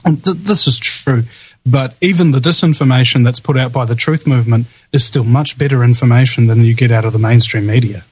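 A man's voice: medium pitch, fairly quick, darkish tone, husky, no echo, rough recording. Male radio host, New Zealand accent, mid-range voice, announcer-style talk with a dramatic touch. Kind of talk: live talk radio chat.

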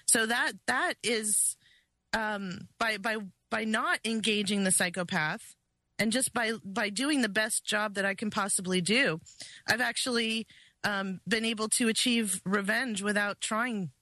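A woman's voice: mid-range voice, a little slow, sharp tone, no echo. A woman as a guest in a casual interview chat, speaking earnestly.

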